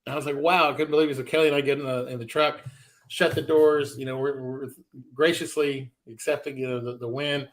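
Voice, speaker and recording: A man's voice: mid-range voice, fairly quick. A man in his forties from the American South, a stand-up comedian telling stories in an interview and acting out the voices of people he quotes. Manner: animated storyteller, acts out quoted voices. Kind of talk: storytelling interview.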